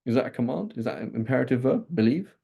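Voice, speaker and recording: Brief: male teacher, mellow tone, animated classroom lecture, checks in with "right?". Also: medium pitch, very fast, creaky, breathy edge. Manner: animated, frequent "right?" checks, restarts and asides. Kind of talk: classroom lecture on Islamic texts.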